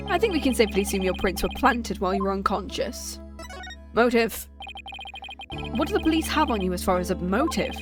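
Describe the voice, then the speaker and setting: A woman reading the lines of an earnest, jumpy young male defense lawyer who asks quick questions. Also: mid-range voice, big pitch swings, music in the background, natural voice.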